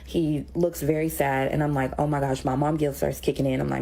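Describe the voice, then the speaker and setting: A woman telling a personal story in a quick, conversational way, acting out what people said. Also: sits low, fairly even intonation, darkish tone, low-quality recording. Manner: rapid, conversational, recounting dialogue.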